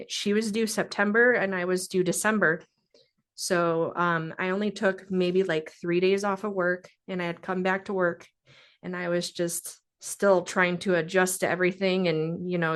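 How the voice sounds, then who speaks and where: A young woman telling a personal story in a podcast interview, speaking haltingly and with feeling, with many pauses and fillers. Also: fairly low pitch, fairly bright tone. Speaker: guest sharing a personal story.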